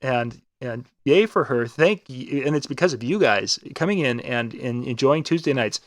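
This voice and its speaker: A man in the middle of his range chats on a live web show, rambling and restarting as he pitches a contest. His voice is close and dry, with no room around it. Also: lively intonation, moderate pace, dry recording. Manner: rambling, restarts and fillers, upbeat promo talk. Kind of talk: casual live-stream chat.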